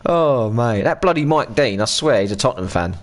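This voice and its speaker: Playing on a live stream, an Englishman in his thirties chats in a loose, unscripted way with an ordinary mid-range voice. He's animated and fairly quick, ranting and swearing freely.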